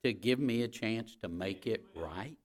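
A man preaching a sermon as pastor, speaking to his congregation directly and folksily, repeating key phrases and swinging between loud emphasis and quiet asides. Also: fairly low pitch, measured pace.

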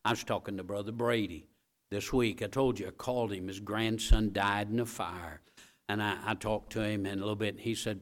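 A male preacher delivers a sermon in a homespun, conversational way, tossing quick asides to his listeners. He repeats his key lines, often sinking into a low, quiet hush before climbing into loud, emphatic bursts. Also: fairly even intonation. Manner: folksy asides to the congregation.

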